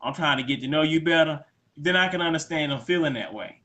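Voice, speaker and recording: Relaxed male co-host, bright open tone, thoughtful chat. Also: a little high, quick pace. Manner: laid-back, reflective, acts out quoted lines. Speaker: podcast co-host. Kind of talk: casual conversation.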